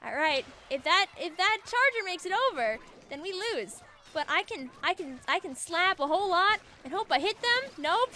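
A woman giving chatty let's-play commentary while she plays, excitable and laughing often, with faint game music behind her. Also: very high-pitched, moderate pace. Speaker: gaming video creator.

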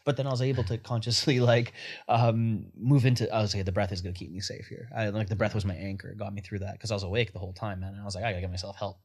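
A man's voice: on the low side, level tone, fast, few pauses, a little mellow, slightly rough. A man hosting a podcast, telling stories casually with slang and frequent laughter. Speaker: podcast host. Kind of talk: casual conversation.

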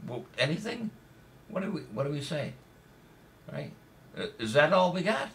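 A man's voice: on the high side, sing-song, moderate pace. A man hosting a casual live-stream trivia show, cracking corny jokes and reading out viewers' names and answers. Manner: jokey, chatty, reads out viewer names and answers. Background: music.

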